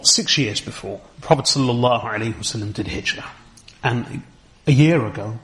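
A man giving a religious lecture, explaining slowly and step by step, repeating key terms and reciting Arabic verses fluently. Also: on the low side. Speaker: Islamic teacher.

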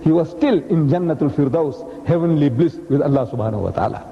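A man voicing a calm male Muslim scholar who answers slowly and deliberately. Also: fairly high pitch, roomy sound, in a large hall, lo-fi sound. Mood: measured.

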